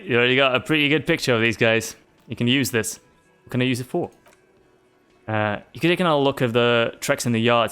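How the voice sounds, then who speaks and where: A man chats casually while streaming a game. He reads the on-screen narration aloud in an everyday voice of middle pitch, and faint music plays behind him. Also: fairly bright tone, smooth.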